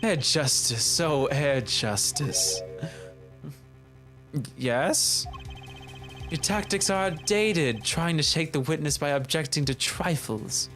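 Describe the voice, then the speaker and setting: Fan-dub casting: a man voicing a cool, smug young prosecutor, lower and smooth, condescending. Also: a bit bright. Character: suave, smug young male prosecutor with German touches.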